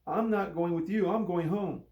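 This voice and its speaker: A man voicing an angry gym teacher trapped in a boy's body, indignant and shouting threats. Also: sits high, normal speed, reverberant, highs cut off, pitched above the performer's own voice. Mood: furious.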